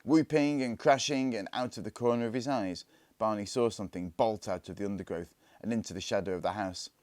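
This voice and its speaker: A man reading a children's storybook aloud, calm and hushed in tense parts. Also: fairly low pitch, fast talker, dry recording. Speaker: story reader. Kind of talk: storybook narration.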